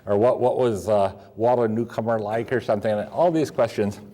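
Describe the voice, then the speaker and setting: A man's voice: lowish voice, steady tone, brisk, mellow. An older man from Pennsylvania, a coin dealer telling rambling stories with many fillers and restarts. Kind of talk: storytelling talk.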